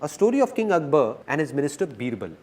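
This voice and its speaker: A man giving a dubbed motivational seminar talk, speaking to the audience in an animated and playful way. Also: a little high, quick pace.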